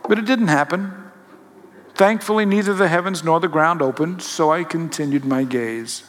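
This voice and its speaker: A man's voice: fairly high pitch, a bit bright, a little hiss or hum. Reflective male storyteller in an echoing hall. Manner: musing, halting, with self-corrections. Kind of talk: reflective first-person storytelling. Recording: long hall reverb.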